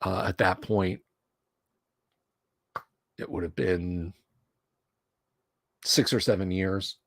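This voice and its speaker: A man from the US South, hosting a relaxed livestream chat and rambling conversationally with many pauses and restarts. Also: deep voice, no echo, studio quality. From Alabama, US South. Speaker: streamer host. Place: home studio room.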